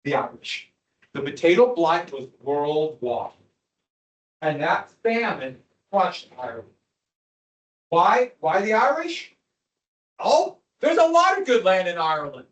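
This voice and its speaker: A man teaching a history lecture to a class, animated and quizzing students as he goes. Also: fairly high pitch, measured pace. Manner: animated, asks the class questions. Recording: echoey classroom from far off.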